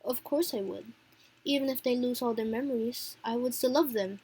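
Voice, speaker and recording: A loyal young man, read by a woman, quiet and sincere. He answers in a steady, soft voice that sits high for a man. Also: moderate pace, slightly rough.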